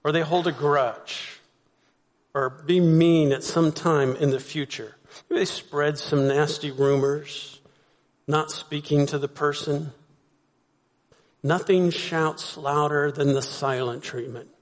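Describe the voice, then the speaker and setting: Man, pastor, conversational sermon, rhetorical questions, fairly high voice, long hall echo. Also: fairly even intonation, takes it slowly, long pauses.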